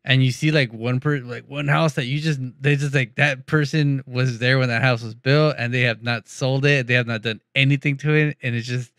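A man's voice: medium pitch, fairly even intonation, moderate pace, hardly any pauses, fairly bright tone, clean tone, no room sound, clean studio sound. A man in casual chat with friends, laid-back and teasing.

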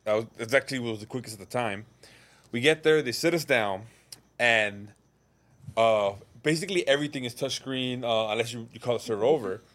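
A man's voice: mid-range voice, brisk, fairly bright tone. A man on a casual podcast chat, telling a story animatedly with plenty of swearing. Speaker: podcast co-host.

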